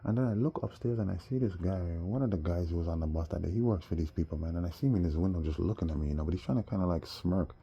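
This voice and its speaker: Low gravelly man telling a story. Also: very fast, hardly any pauses, lo-fi sound. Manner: animated, rising to heated outbursts. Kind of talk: rambling personal storytelling.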